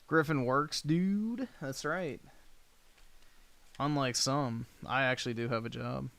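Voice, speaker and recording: A man hosting a livestream, talking in a blunt, crude and offhand way as he answers comments. His pitch sits in a middling range. The sound is close and dry, with no room echo. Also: slow, fairly bright tone. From United States. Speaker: livestream host. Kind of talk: casual livestream chat reading comments.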